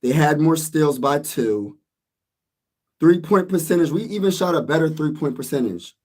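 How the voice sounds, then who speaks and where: A man vlogging about a basketball loss in a casual, exasperated rant, repeating himself and speaking. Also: fairly high pitch. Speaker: sports vlogger.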